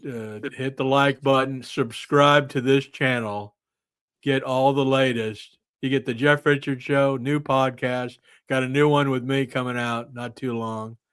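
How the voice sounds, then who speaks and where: A man's voice: mid-range voice, steady tone, a little slow, a bit bright, smooth, dry recording. A man hosting a casual podcast, rambling off into absurd tangents. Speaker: podcast host.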